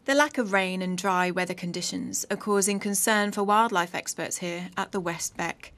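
Measured female news reporter. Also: medium pitch, fairly bright tone. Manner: measured narration. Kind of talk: scripted report voice-over.

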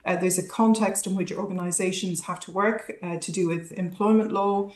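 A woman's voice: lowish voice, steady tone, normal speed, darkish tone, reverberant. A woman academic speaking as a guest in a news interview, thoughtful and analytical, with frequent ums and restarts. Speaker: academic guest, healthcare researcher.

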